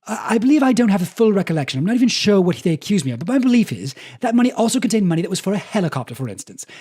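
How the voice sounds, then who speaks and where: A man's voice: sits high, big pitch swings, very fast, warm tone, slightly rough, exaggerated voice. A man doing an impression of a haughty, evasive British woman giving testimony, with a put-on British accent. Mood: defensive.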